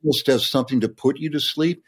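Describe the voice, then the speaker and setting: A man's voice: medium pitch, fast, slightly rough. Man explaining a poem with enthusiasm. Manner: explains with enthusiasm, recites poetry. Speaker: guest sportswriter and poet. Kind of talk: podcast conversation.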